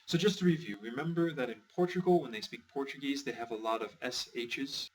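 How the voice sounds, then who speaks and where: A man's voice: medium pitch, a little fast. Chatty male teacher, set back from mic. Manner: chatty, explanatory, lightly joking. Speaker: language teacher. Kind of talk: podcast lesson explanation. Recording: distant from the mic.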